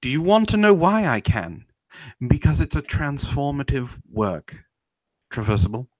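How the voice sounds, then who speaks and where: A man's voice: medium pitch, sing-song, normal speed, no room sound. A man hosting a live stream, ranting in a confrontational, taunting way and answering chat, admitting he is getting heated.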